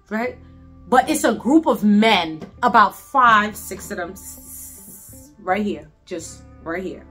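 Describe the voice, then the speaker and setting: A woman from Brooklyn, telling a story in an animated, emphatic, profane way. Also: medium pitch, slow, soft background music. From Brooklyn, New York. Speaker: storyteller vlogger. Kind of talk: casual storytime.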